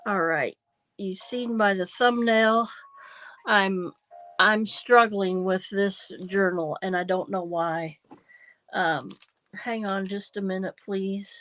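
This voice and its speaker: A woman's voice: mid-range voice, fairly bright tone. A middle-aged woman with a nasal, congested voice, chatting casually on a craft livestream; she rambles, apologizes often, and says um a lot while feeling achy and unwell. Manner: rambling, apologetic, many ums and restarts. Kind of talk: casual livestream chat while junk journaling.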